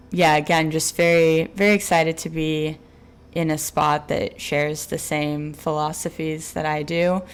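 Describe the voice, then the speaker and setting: A woman who works as an assistant winemaker answers in a measured, casual way with frequent ums and you knows. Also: low voice, clean tone. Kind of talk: casual podcast interview.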